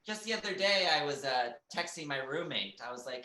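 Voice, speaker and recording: A stand-up comedian with a bright, forceful tone works through a set in a halting way, full of ums and little giggles. The voice rings out in a roomy small theater. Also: medium pitch, animated. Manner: halting, filler-heavy delivery with giggles.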